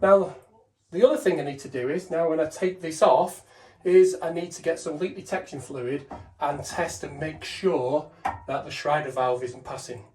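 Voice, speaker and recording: A man's voice: a little high, moderate pace, a little mellow, reverberant. A man who trains gas engineers, casually explaining each step of a boiler service while he works on it. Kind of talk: hands-on demonstration narration. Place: indoors beside a boiler.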